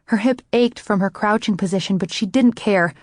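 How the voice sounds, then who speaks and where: A woman narrates a scripted audiobook in a measured, steady storytelling voice with a middle-range pitch. The recording is dry and close, without room sound.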